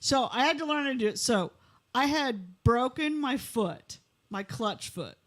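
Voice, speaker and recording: High-voiced woman telling a story. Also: a little slow. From Missouri, USA. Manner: animated, laughs through her own story. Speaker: podcast co-host. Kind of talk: casual storytelling.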